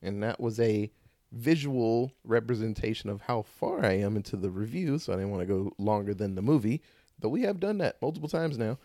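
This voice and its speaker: A man hosting a casual horror-movie podcast, animated and joking. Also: lowish voice, a little fast, no room sound, studio quality. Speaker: podcast host.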